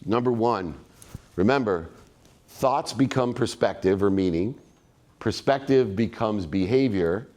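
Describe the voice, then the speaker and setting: A man's voice: on the low side, a little mellow. A man giving a motivational keynote speech, telling stories in an emphatic, repetitive way. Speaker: guest keynote speaker.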